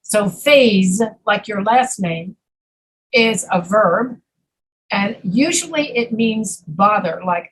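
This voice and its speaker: A woman teaching an English pronunciation class, patiently repeating words slowly to demonstrate sounds. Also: mid-range voice, expressive, breathy edge, low-quality recording. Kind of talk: online pronunciation lesson.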